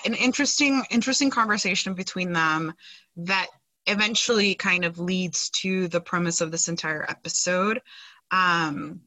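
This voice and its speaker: A woman's voice: lowish voice, bright, forceful tone, no echo, low-quality recording. A woman co-hosting a podcast, recapping a TV episode in casual chat, with many fillers and sarcastic asides. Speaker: podcast co-host.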